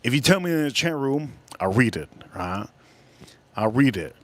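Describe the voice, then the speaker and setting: A man's voice: mid-range voice, very animated, moderate pace, dry recording. A man hosting a livestream, ranting bluntly in casual chat, swearing freely and rambling between thoughts. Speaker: livestream host.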